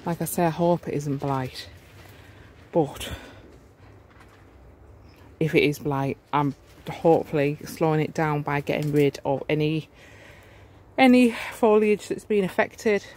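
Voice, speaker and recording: Excitable gardener, chatty and exclaiming. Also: mid-range voice, unhurried, long pauses, slight background noise. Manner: chatty, exclamatory, easily amazed. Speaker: home gardener vlogger. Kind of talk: casual vlog walkthrough. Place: inside a warm garden polytunnel.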